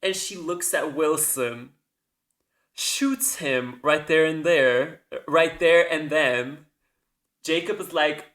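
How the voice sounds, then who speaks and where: Slow-talking bright-voiced man. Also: fairly high pitch. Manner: rambling, self-correcting, swears casually. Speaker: podcast host. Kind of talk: casual solo commentary.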